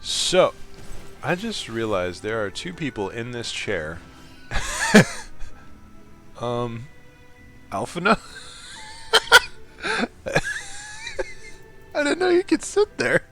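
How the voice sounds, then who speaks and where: Giggly, animated man reacting to a game. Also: mid-range voice, extremely slow, vocal fry, long pauses, faint music behind. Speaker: gaming video creator. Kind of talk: casual game reaction commentary.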